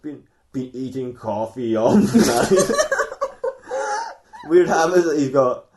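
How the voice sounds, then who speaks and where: A man's voice: mid-range voice, lively intonation, slow pace, echoey room, heavy background noise. A man hosting a comedy podcast, improvising a rambling story with frequent laughs and restarts.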